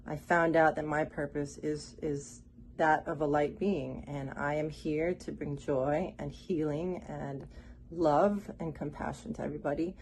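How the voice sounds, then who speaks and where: A low-voiced woman from Miami speaks in a heartfelt, halting way, pausing on fillers. She sounds close to tears as she gives her testimonial. A faint noise sits under the recording. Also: steady tone, a little mellow. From Miami, Florida. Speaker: caller giving a testimonial. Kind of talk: emotional spoken testimonial.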